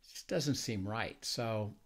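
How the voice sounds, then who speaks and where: Halting male Bible-talk host. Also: on the low side. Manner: halting, many fillers and restarts. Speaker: ministry host. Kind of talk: conversational Bible teaching.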